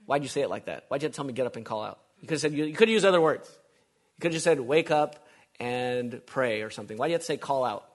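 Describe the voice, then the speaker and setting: A preacher acting out a sulking stubborn prophet. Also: male voice, mid-range voice, expressive, quick pace, pitched below the performer's own voice. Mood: grumbling. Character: sulking stubborn prophet, grown man, defiant.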